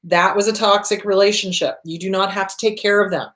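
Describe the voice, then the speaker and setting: A woman's voice: mid-range voice, steady tone, fairly quick, fairly bright tone. A woman therapist hosting an advice talk, blunt and profane, hammering points home with emphatic repetition. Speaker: therapist and show host. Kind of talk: direct-to-camera advice talk.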